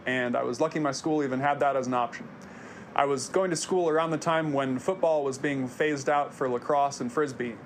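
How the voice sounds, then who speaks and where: A man's voice: medium pitch, slight background noise. A man around thirty, hosting a personal video series, narrating scripted reflections in an earnest, confessional way.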